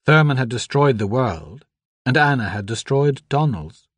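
A man narrating a novel in a measured, even storytelling manner. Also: mid-range voice, slightly rough, dry recording. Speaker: audiobook narrator. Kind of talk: scripted narration.

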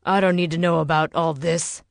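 A woman voicing a gruff, impatient man in command, who swears and gives blunt orders. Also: fairly high pitch, steady tone, moderate pace, no echo, clean studio sound. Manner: brusque, curses, gives orders. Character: gruff impatient male militia leader.

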